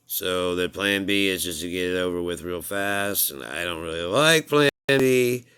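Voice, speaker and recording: A man talks in a loose, rambling monologue, swearing freely and laughing at his own jokes. His voice is very deep, yet bright and forceful, with a smooth, clear resonance. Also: moderate pace.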